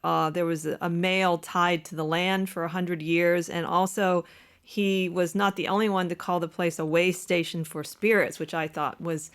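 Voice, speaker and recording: A podcast host asking a follow-up in a halting, casual way with fillers. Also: medium pitch, level tone, fairly bright tone, clean tone. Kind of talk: casual interview chat.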